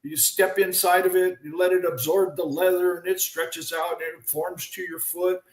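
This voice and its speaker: A man in his seventies, a former baseball pitcher, telling lively stories as a guest, acting out the voices of people in them and often restarting his sentences. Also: moderate pace, reverberant, rough recording. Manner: lively storyteller who acts out quoted voices, with frequent restarts. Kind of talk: animated storytelling in a chat.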